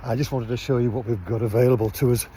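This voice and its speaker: A man's voice: mid-range voice, fast, slight background noise. A man vlogging casually outdoors at night by his van, rambling with lots of fillers. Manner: rambling, relaxed, many fillers. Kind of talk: casual vlog narration.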